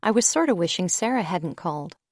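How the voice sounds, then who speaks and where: A woman's voice: fairly low pitch, lively intonation, brisk, no echo, clean studio sound. Woman narrating a young adult novel. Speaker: audiobook narrator. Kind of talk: first-person audiobook narration.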